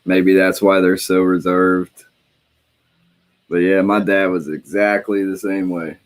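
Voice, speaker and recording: A man's voice: sits low, level tone, takes it slowly. A man in casual conversation, telling rambling, profane stories in a laid-back way. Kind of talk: casual chat.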